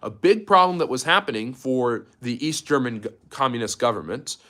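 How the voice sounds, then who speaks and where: A man's voice: mid-range voice, animated, moderate pace, pushed and bright. A man giving a loose, unscripted history lecture on a livestream, full of fillers and restarts, stopping now and then to answer viewer chat. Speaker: history teacher.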